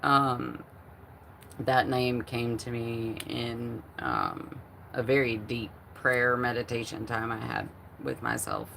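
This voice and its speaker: Slow, gravelly-voiced woman livestreaming. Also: rumbling low, expressive, fairly bright tone, a little hiss or hum. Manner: chatty, rambling with many fillers and restarts. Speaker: livestream host. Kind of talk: casual livestream chat, reading chat aloud.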